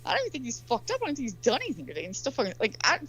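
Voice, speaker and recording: Woman guest, fast animated storyteller, high and swooping pitch. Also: low-quality recording. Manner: animated storytelling, swears freely, acts out quotes. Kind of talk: casual chat.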